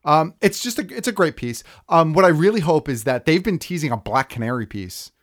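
A man with a somewhat high voice co-hosts a casual podcast. He rambles happily with plenty of fillers and restarts. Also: lively intonation, a little fast. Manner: rambling, filler-heavy, enthusiastic about toys. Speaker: podcast co-host. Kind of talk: casual chat.

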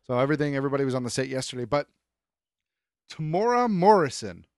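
A man's voice: mid-range voice, sing-song, fast, a little mellow, dry recording, studio quality. A man co-hosting a casual geek podcast, teasing and laughing easily, with hesitant fillers, a beer or two in. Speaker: podcast co-host, news segment. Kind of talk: casual chat.

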